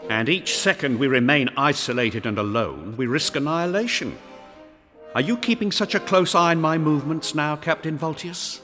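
A man's voice: a little high, moderate pace, pushed and bright, big-room sound, soft background music, voice pushed up. A man voicing a tense, defiant young warrior. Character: young battle-worn armored male warrior, defiant.

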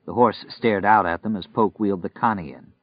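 A man reading a novel aloud in steady, measured scripted narration. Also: lowish voice, no echo. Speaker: audiobook narrator. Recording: dry, muffled recording.

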